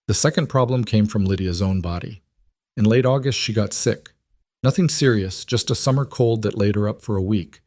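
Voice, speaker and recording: A man narrating a story in a steady, measured reading. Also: on the low side, dry recording, clean studio sound.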